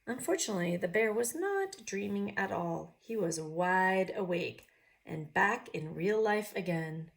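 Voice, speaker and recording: A woman's voice: mid-range voice, lively intonation, creaky. Woman reading storybooks to kids, with questions to the viewer. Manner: pauses to ask the viewer questions. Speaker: picture book reader. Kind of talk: reading a picture book aloud.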